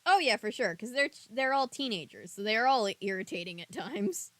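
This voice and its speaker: A woman's voice: on the high side, expressive, moderate pace, fairly bright tone, dry recording. Chatty woman with dry close sound. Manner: chatty, giggly, trails off into fillers. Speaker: podcast host. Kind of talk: casual book discussion podcast.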